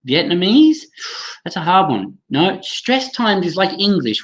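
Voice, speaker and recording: A man's voice: high voice, big pitch swings, a little slow, low-quality recording. A man leading a live online training for teachers over a computer mic, chatty, reacting to viewers' comments and often restarting his sentences.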